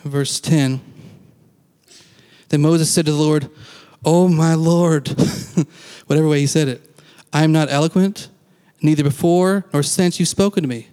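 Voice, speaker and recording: A man's voice: fairly high pitch, steady tone, moderate pace, warm tone, clean tone. Man preaching in a reverberant hall. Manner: conversational, acts out quoted lines, laughs now and then. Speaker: pastor. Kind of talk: casual sermon.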